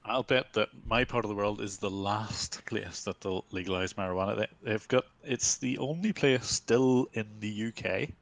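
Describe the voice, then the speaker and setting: A man's voice: fairly low pitch, normal speed, creaky, hardly any pauses, no echo. A man with a Northern Irish accent, a livestream guest chatting with dry, wry humour over a computer mic. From Northern Ireland. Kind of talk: casual chat.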